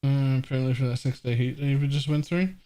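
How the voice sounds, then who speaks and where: A man's voice: medium pitch, quick pace, mellow. An Australian man casually chatting on a live game stream, reading out patch notes and musing about them with fillers.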